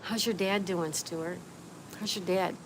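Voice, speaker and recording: A woman with a fairly low voice hosts a relaxed livestream from outside, reading comments aloud and answering each viewer by name. Her tone stays easy and friendly. Clear background noise from the outdoors runs under her voice. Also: unhurried. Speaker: livestream host. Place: outdoors, with a view.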